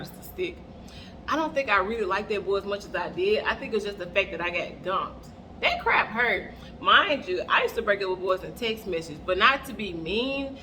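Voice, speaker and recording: Bright-voiced young woman telling a story. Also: medium pitch, a little hiss or hum. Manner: animated, keeps addressing the audience as "y'all". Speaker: vlogger. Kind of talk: casual storytime chat while doing makeup. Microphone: earbud mic.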